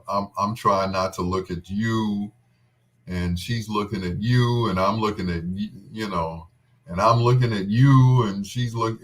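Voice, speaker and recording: A man with a low, deep voice speaks slowly as he fondly recalls a day that moved him. His talk halts and restarts, trailing off into pauses. He is tender and close to tears. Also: a bit bright. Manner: tender and tearful. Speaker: friend recalling a wedding. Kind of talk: casual heartfelt reminiscing.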